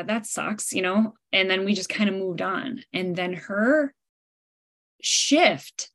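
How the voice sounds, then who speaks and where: A middle-aged woman hosting a podcast, telling a family story in casual, filler-heavy conversation. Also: mid-range voice. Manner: chatty, storytelling, frequent "like" fillers. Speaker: podcast host. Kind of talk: casual interview chat.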